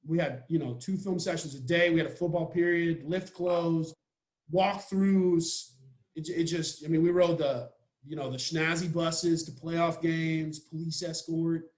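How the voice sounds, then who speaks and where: Brief: young man from Texas, easygoing rambling podcast guest, slightly high voice, echoey room. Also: steady tone, unhurried, a little mellow. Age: young adult. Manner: laid-back, rambling, joking. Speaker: college football player guest. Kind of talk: casual podcast interview.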